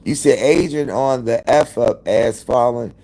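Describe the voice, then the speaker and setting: Slow, gravelly-voiced man gossiping. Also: mid-range voice, warm tone. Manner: profane, dramatic, gossiping. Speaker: livestream host. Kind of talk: casual live-stream chat.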